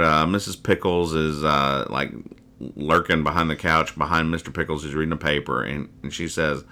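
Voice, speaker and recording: A man hosting a casual podcast, reading and explaining comic strips in a wry, rambling way that trails off quietly after jokes. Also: a bass voice, fairly even intonation, fairly quick.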